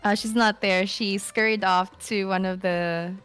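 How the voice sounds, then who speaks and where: A woman's voice: medium pitch, fairly even intonation, a little slow, a bit bright, smooth, soft background music. A woman playing a tabletop game, describing her character's actions in a hesitant way. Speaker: player.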